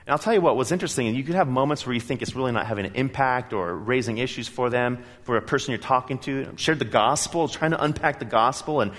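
A male pastor delivers a sermon in a church sanctuary, telling stories with animated energy and pressing his points emphatically. His voice sits at an ordinary male pitch, and a long hall reverb trails behind every phrase.

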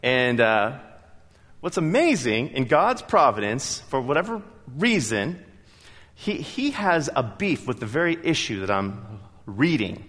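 A man preaching a sermon in a church, telling stories in a lively, emphatic way. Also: mid-range voice, measured pace, long reverb tail. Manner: animated storytelling, emphatic. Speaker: pastor. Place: church sanctuary.

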